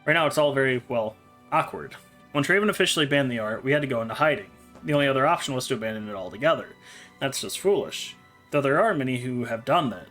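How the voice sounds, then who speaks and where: A man reading the lines of a calm, matter-of-fact middle-aged male necromancer in a storybook. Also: mid-range voice, fast talker, faint music behind, lightly acted.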